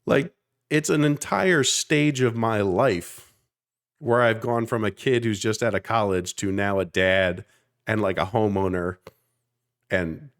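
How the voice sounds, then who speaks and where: A lowish voice, a little slow, belongs to this podcast co-host, a man in his thirties from South Jersey near Philadelphia. His casual talk is passionate and wandering, with a curse word thrown in now and then for emphasis.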